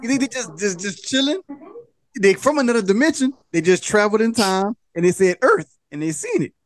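A man hosting a podcast, telling a story in a loose, animated way and laughing often. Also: sits high, fairly quick, no room sound, clean studio sound. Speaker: podcast host. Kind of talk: casual podcast chat.

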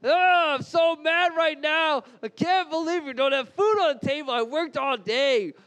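A man's voice: very high-pitched, unhurried, pitched above the performer's own voice. A man acting out a furious, tired husband back from work, in a mock rage. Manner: shouting, exaggerated mock rage.

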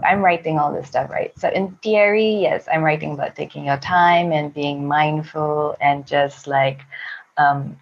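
A woman's voice: low voice, husky, highs cut off. A woman from Singapore, telling frank personal stories casually and acting out her own quotes. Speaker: podcast guest, sex blogger. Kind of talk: candid casual storytelling.

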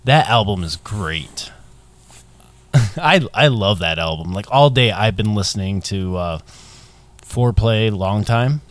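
Low-voiced man co-hosting a casual podcast. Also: expressive, measured pace, long pauses, dry recording. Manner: teasing, laughs often, restarts words. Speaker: podcast co-host. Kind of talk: casual chat.

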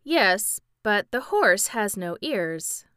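A woman's voice: medium pitch, sing-song, takes it slowly, pushed and bright, smooth, no room sound, studio quality, full character voice. Woman voicing a cheerful pumpkin-headed man. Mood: mild.

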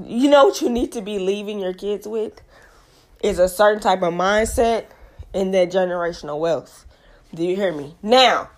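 A young woman with a stuffy nose from allergies hosts her own show in a casual monologue, making emphatic points, repeating them, and asking the audience directly. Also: mid-range voice. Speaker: show host.

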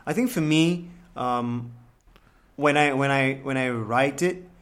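A man's voice: mid-range voice, slow pace, fairly bright tone. A man from Singapore with a Singaporean English accent, talking casually and thoughtfully, often repeating words as he searches for them. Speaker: rapper and podcast guest. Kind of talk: casual chat.

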